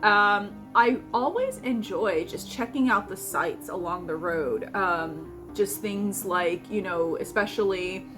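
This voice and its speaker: Young adult woman, casual vlog host, meandering filler-heavy delivery, middle pitch, music bed. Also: takes it slowly, few pauses. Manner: rambling, many fillers and restarts. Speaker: vlogger and host. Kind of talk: casual food vlog chat.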